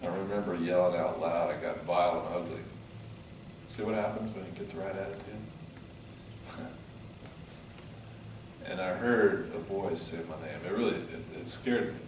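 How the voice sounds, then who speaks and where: Man, motivational speech, low voice, dramatic storytelling, booming hall echo, distant mic. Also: steady tone, normal speed, pauses often, a little hiss or hum. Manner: dramatic storytelling, swings from hushed to loud. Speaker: motivational speaker. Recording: echoey hall, mic from afar.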